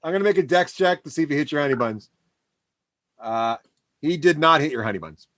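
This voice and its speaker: A man running a live tabletop role-playing session as dungeon master, laughing often and pausing with many uhs. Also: a little high, animated, a bit bright, no echo, studio quality. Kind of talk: running a tabletop game, voicing characters.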